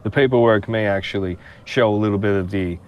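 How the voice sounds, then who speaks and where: A man playing a charming male smooth operator who schmoozes and draws out his words. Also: fairly low pitch, lo-fi sound, natural voice. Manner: schmoozing, drawn-out, showy.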